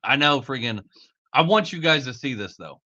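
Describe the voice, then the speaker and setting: A man's voice: mid-range voice, lively intonation, normal speed, sharp tone, muffled recording. A man hosting a live podcast in casual, profane talk, laughing at his own slip-ups. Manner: swears a lot, laughs off his own mistakes. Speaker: podcast host.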